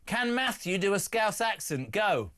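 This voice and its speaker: A middle-aged man hosts a live radio phone-in with a brisk, jokey manner. His voice sits a little high for a man, and he talks bluntly. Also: very animated, bright, forceful tone, a little hiss or hum. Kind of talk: live talk radio, reading texts and taking calls.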